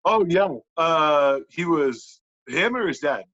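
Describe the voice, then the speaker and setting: A man on a podcast telling a wrestling story in casual, animated talk, swearing a lot and filling with "like". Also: a little high, takes it slowly. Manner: animated, profane, lots of "like" fillers. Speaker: podcast guest, pro wrestler. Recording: dull lo-fi podcast audio.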